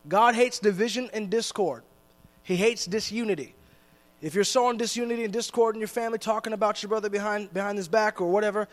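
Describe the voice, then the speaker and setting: A man preaching a sermon in a church, chatty and joking, with slowed, weighty stress on the scripture he reads. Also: sits high, long reverb tail.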